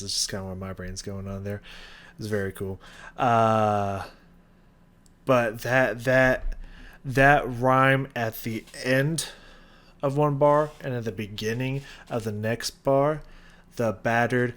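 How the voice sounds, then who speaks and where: Young guy hyped up about a track, lowish voice, scats the beats, lots of uhs and likes. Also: a bit bright. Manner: enthusiastic, scats rhythms, many fillers. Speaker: music reaction host. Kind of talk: casual music analysis.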